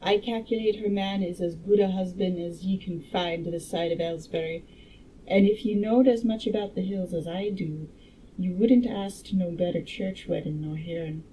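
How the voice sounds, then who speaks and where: A boastful old backwoods farmer, put on by a woman reading aloud, drawling in a thick rural dialect. His voice is mellow and warm, with a slow, cryptic pride behind each line. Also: on the low side, steady tone, slight background noise, lightly acted, rough recording. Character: old rustic farmer man, proud and cryptic.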